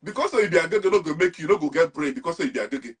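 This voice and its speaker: Nigerian guy talking fast and animated, raspy-ish voice, kinda high. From Nigeria, Anambra. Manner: animated, mixes Pidgin and English. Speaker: guest. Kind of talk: casual interview talk.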